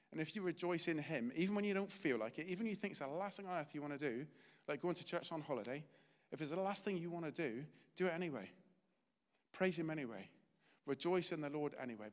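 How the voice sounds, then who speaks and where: A man's voice: a little high, a bit bright, big-room sound. A middle-aged man giving a sermon, telling a personal story in an earnest, chatty way. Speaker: preacher.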